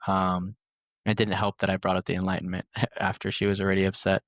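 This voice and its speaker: Young male podcast host, rambling storyteller, lowish voice, dry close sound. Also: monotone, fairly quick, no echo. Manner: rambling storytelling with many fillers. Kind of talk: casual conversation.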